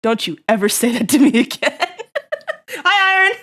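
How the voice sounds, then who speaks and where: Bright high-voiced giggly streamer woman. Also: big pitch swings, normal speed. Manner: giggly, playful, swears, mock-angry rants. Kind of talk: casual live-stream chat with viewers.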